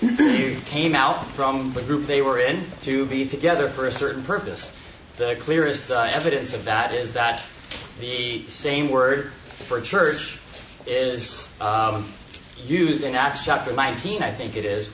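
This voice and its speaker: A man giving unscripted Bible teaching at a meeting, in a measured, thoughtful way with frequent pauses and restarts. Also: medium pitch, a bit bright. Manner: measured, thoughtful, with many hesitations. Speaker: Bible study speaker. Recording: echoey, distant, muffled, noisy room recording.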